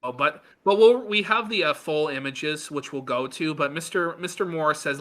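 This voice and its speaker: Bright-voiced sarcastic male podcast host. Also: fairly high pitch, moderate pace, few pauses. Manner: sarcastic, mocking, swears often. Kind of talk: casual commentary reading posts aloud.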